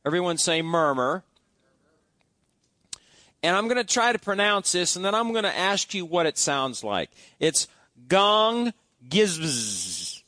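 A man's voice: high voice, sing-song, moderate pace, pauses often, bright, forceful tone, no room sound. A man preaching a sermon in a church, talking in a conversational way and asking the congregation questions. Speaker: pastor.

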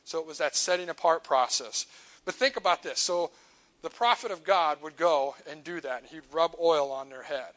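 Male preacher mid-sermon; bright, fairly high voice, earnest delivery that trails off soft at line ends. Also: moderate pace, poor audio. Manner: earnest, builds up then drops to a quiet close on key lines. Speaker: church preacher.

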